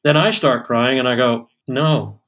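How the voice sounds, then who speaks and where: A man's voice: medium pitch, moderate pace. A man in his sixties, a session drummer, telling stories in an interview with many fillers and restarts. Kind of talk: storytelling in a podcast interview.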